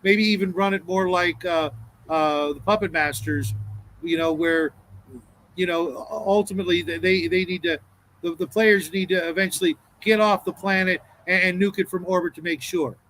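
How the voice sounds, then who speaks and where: A man with a fairly high voice chats casually about tabletop role-playing, rambling and circling back as he talks. A faint hiss sits under the recording. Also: steady tone, moderate pace, a bit bright, poor audio. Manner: rambling, restarts often. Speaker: podcast panelist.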